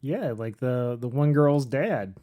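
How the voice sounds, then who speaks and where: A man's voice: mid-range voice, expressive, takes it slowly, dull audio. Middle-aged male podcast host, joking and rambling, plenty of uhs. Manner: rambling, joking, many fillers. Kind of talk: casual podcast chat.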